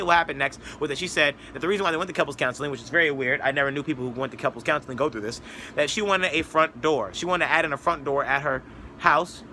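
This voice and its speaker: A man's voice: a little high, sharp tone, slight background noise. A man giving a rambling, sarcastic opinion monologue as a political commentator, mocking others with put-on voices.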